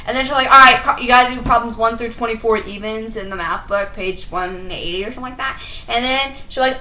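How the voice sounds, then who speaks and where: A young teenage girl rambles about school into a webcam, her high, bright voice full of "like" and quick impressions of teachers. The room sounds echoey. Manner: rambling, lots of "like", quoting teachers. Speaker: student vlogger. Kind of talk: casual chat to webcam.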